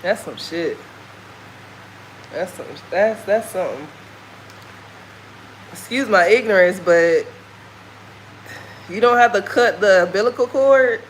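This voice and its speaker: A woman's voice: medium pitch, animated, takes it slowly, pauses often, slight background noise, rough recording. A woman from the American South with a Southern accent, talking candidly and folksily in a casual walking vlog. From Southern United States. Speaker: vlogger. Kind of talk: casual chat while walking. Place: outdoors on a walk.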